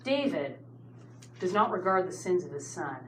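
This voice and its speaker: A Bible study teacher, a woman whose voice sits on the low side, relates the story at a moderate pace with animated asides to her class. The room is spacious, and a little noise lingers in the background.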